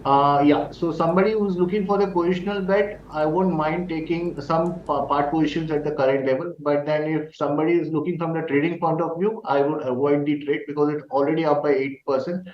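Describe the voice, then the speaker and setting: A man's voice: on the high side, steady tone, a little fast, hardly any pauses, a little hiss or hum. A man with an Indian English accent giving stock trading advice as a remote guest analyst. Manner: plain advisory, occasional restarts. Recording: distant, roomy, dull remote line.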